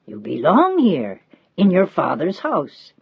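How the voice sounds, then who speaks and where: A woman's voice: sits low, very animated, unhurried, breathy edge, dry recording, phone-quality sound, exaggerated voice. A woman reading the part of an elderly Italian housekeeper, devoted and motherly, in a pleading, insistent manner. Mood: tender.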